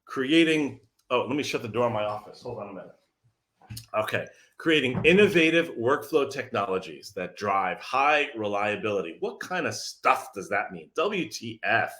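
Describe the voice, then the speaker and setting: Energetic, sarcastic male sales coach. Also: medium pitch, normal speed. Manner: energetic, sarcastic, asks the audience questions. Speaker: sales messaging coach and host. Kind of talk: direct-to-audience pitch. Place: his office.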